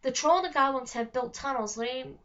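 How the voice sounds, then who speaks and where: A woman's voice: sits high, fairly quick, fairly bright tone. Woman doing a scared wary tradesman guy, muffled lo-fi sound. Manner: fearful and doubting. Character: fearful, wary traveling tradesman, a man. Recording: dull lo-fi recording.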